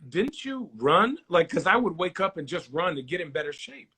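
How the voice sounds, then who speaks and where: A man's voice: a little high, a little fast, husky. A man in his forties, a former basketball player, telling stories in a casual interview and acting out the people he quotes. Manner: animated storyteller, acts out quoted voices.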